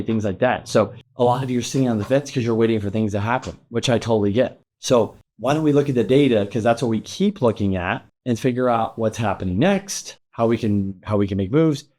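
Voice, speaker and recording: A man's voice: medium pitch, quick pace, hardly any pauses, a little mellow. Ranting, emphatic middle-aged man. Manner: ranting, emphatic, casual swearing. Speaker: real estate loan officer and show host. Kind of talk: energetic market commentary to camera.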